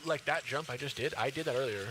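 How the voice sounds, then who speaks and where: A man's voice: mid-range voice, fast, noisy background. A tired man giving slangy live gameplay commentary, yelping and squealing when startled. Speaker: gaming streamer.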